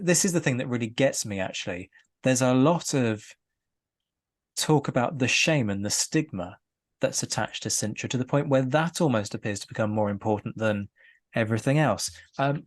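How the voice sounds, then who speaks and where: A man with a lowish voice is a guest in a casual history discussion. He makes his points in an animated, wry way, laughing lightly.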